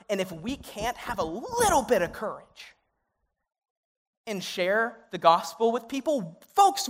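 A man's voice: sits high, a bit bright. A young adult man, a youth pastor, preaching in a conversational, earnest way that grows emotional and pleading. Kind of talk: sermon. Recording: reverberant hall sound.

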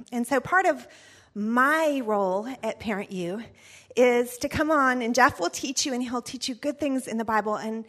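High, lively woman telling a story. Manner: chatty, animated, laughs often. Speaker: church parenting class speaker. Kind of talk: storytelling talk.

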